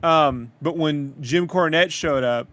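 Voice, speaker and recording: A man from Southern California co-hosting a casual chat, wry and quick to laugh, with halting stammers. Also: a little high, a bit bright. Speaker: co-host.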